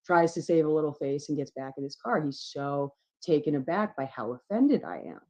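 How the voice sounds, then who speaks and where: A woman guest telling a candid story in casual chat, swearing freely and getting animated as she goes. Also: deep voice, moderate pace, poor audio. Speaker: podcast guest.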